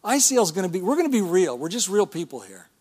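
A man's voice: high-pitched, big pitch swings, fast talker, darkish tone, slightly rough. A middle-aged male pastor preaching a sermon in a church, talking in a conversational way with rhetorical questions and calls of amen.

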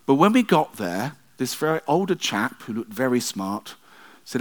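A man's voice: mid-range voice, very animated, normal speed. A middle-aged male pastor preaching a sermon in a conversational way, with self-deprecating asides.

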